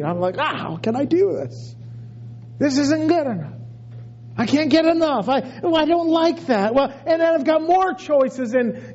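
Pastor guy with a high mellow voice, chatty sermon, kinda muffled recording. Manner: conversational preaching with many restarts and acted-out inner voices.

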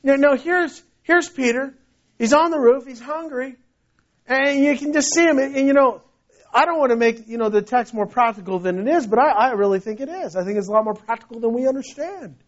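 A man's voice: very high voice, expressive, fairly quick. A man preaching a sermon in a conversational storytelling way, often restarting his phrases. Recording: dull lo-fi recording.

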